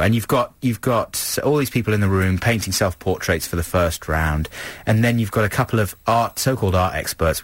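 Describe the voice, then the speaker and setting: A man's voice: lowish voice, dry recording. A British man co-hosting a radio show, chatting and joking in a playful way. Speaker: radio co-host. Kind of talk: casual radio banter.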